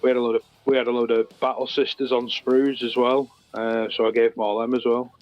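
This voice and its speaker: A man's voice: medium pitch, level tone, fairly quick, highs cut off, soft background music. A man, co-hosting in a casual chat, joking and telling rambling anecdotes. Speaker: co-host.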